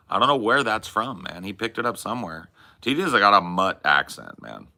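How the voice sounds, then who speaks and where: A man's voice: low voice, sing-song, moderate pace, gravelly, pushed and bright. A man with a Californian accent hosting a podcast, chatting loosely with casual swearing and lots of "bro" and "man". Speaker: podcast host.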